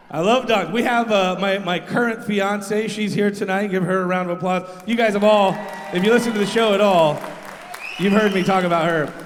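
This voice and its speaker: A man's voice: high-pitched, fairly even intonation, a little fast. A man, a radio host, doing rambling, crowd-rousing stand-up comedy on a live stage. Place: live stage in a large venue. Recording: long reverb of live venue.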